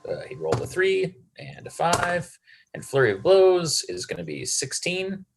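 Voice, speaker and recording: A man's voice: high voice, very animated, moderate pace, gravelly, breathy edge. A man running a tabletop game as game master, narrating loosely with many fillers.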